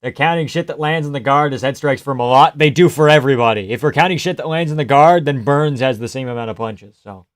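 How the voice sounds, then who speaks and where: A man giving casual live reaction commentary on a fight, joking, swearing and laughing often, and breaking into loud reactions at big shots. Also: mid-range voice, fast talker, hardly any pauses, no room sound, clean studio sound.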